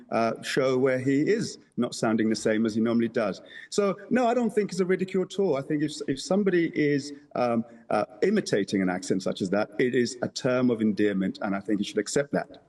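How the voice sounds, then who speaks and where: A man, a councillor, being interviewed on television, who speaks in a measured way, pronouncing every word carefully, with hesitant fillers. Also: mid-range voice, darkish tone. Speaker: councillor guest.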